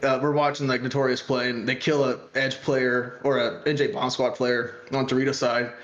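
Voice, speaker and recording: A man telling a story in a casual podcast chat, animated and laughing, acting out loud crowd voices. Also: mid-range voice, moderate pace, echoey room, muffled recording. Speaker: podcast guest.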